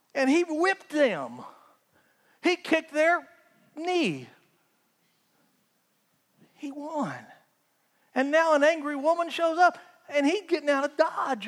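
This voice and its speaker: A high-pitched male preacher delivering a lively sermon, building to loud emphatic bursts and dropping to quiet asides. His voice rings with the long reverb of a large hall. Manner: animated storytelling, acts out voices, swings from loud to hushed. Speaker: pastor.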